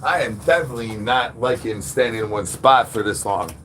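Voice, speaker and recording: A man's voice: mid-range voice, fairly quick, fairly bright tone, slight background noise. A man chatting with viewers on a livestream while standing outdoors, playful and full of goofy catchphrases and animal noises.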